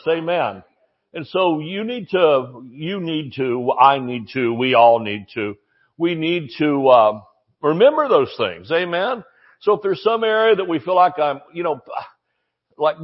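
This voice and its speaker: A man's voice: fairly high pitch, lo-fi sound. A man preaching a sermon in a folksy, joking, emphatic way.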